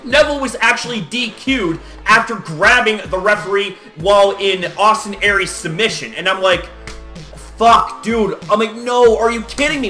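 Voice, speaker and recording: A young man recapping wrestling results in an excitable vlog rant, swearing often and acting out his own shocked reactions. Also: sits high. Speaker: wrestling vlogger.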